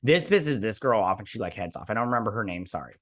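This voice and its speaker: A man's voice: on the low side, expressive, fast. A man hosting a TV review show, recapping an episode in a rambling, enthusiastic way with lots of fillers and restarts.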